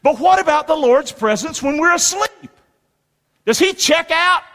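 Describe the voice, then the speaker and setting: A man preaching a sermon as pastor, in lively call-and-response with rhetorical questions to the congregation. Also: extremely high pitch, unhurried. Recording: long reverb of a large hall.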